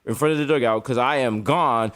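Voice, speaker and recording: A man co-hosting a comedy podcast from home, riffing in casual deadpan banter. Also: medium pitch, fairly quick. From the Bronx, New York. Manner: laid-back, deadpan, riffing with profanity. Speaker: podcast co-host.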